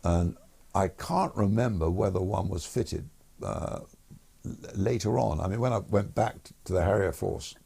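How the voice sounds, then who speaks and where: A man's voice: low voice, normal speed, creaky, warm tone, husky. An older man, a retired air force pilot, telling anecdotes as an interview guest in a rambling, self-correcting way and chuckling along.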